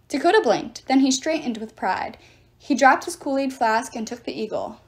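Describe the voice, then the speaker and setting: A woman reading a novel chapter aloud with expressive storytelling. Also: high voice, normal speed. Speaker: reader.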